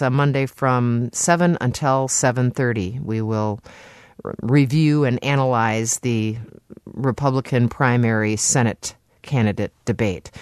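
Measured woman hosting public radio. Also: lowish voice, a little mellow, clear, resonant tone, no echo, clean studio sound. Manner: measured, with frequent filler words. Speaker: radio talk show host. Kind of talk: public radio panel discussion. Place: radio studio. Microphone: studio microphone.

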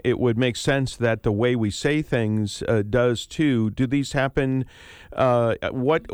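A man hosting a public radio morning talk show, measured and friendly, asking questions with small fillers. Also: mid-range voice, clear, resonant tone, no room sound, clean studio sound.

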